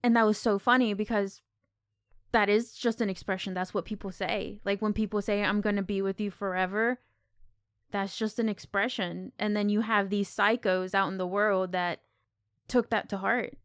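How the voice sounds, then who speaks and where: A woman co-hosting a casual film podcast, talking in an animated, exclamatory way. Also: medium pitch, moderate pace, clear, resonant tone, no room sound, clean studio sound. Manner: animated, exclamatory, acts out quotes. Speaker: podcast co-host.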